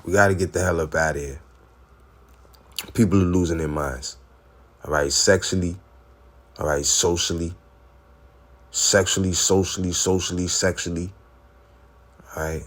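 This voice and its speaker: Deep-voiced preachy male commentator. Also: fairly even intonation, moderate pace, long pauses. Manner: preachy, rhetorical, keeps asking "all right?". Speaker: religious commentator. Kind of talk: preaching commentary on video clips.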